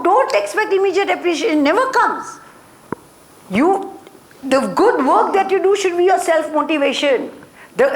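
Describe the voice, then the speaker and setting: High-voiced woman lecturing a class. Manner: short repeated phrases, checks in with listeners. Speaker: motivation trainer. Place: training classroom. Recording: echoey room.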